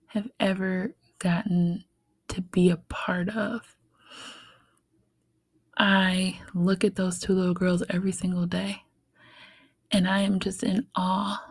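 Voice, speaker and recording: A young woman speaks slowly and gently, letting her thoughts unfold with unhurried pauses. Her tone is heartfelt and reflective, broken by soft laughs. The sound is dry and close, with no room behind it. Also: medium pitch, gravelly, slightly rough, no echo. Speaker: podcast host. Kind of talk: reflective solo podcast talk.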